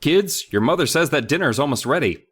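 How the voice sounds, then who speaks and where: A man's voice: fairly high pitch, animated, fast, a bit bright, breathy edge, pitched above the performer's own voice. A man doing a breezy, wisecracking dad. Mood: joking. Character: easygoing joking suburban dad.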